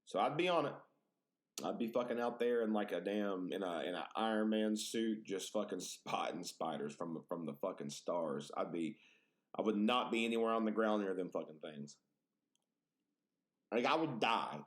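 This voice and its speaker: A man's voice: fairly low pitch, normal speed. A man hosting a podcast, telling exaggerated, profane stories in casual chat. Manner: animated, profane, exaggerated storytelling. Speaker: podcast host.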